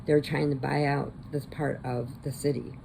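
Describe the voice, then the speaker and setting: A woman's voice: extremely low pitch, level tone, moderate pace, gravelly, warm tone, slight background noise. A woman vlogger casually recapping a movie, rambling and chatty, laughing often.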